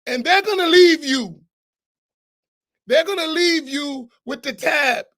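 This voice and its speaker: A man's voice: very high-pitched, slow, a bit bright. A man, an imam, giving a class talk at a mosque in a blunt, emphatic, everyday way.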